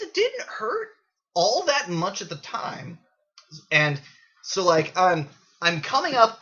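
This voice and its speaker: A man's voice: sits high, pushed and bright, dull audio. A man telling an unscripted story in a casual, sarcastic way, swearing freely, recorded on a built-in camera mic. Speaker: gaming video creator.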